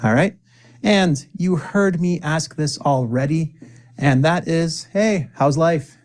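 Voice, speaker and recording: A man teaching an English lesson, upbeat and encouraging, saying example phrases slowly and clearly for learners to repeat. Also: fairly high pitch, a little mellow.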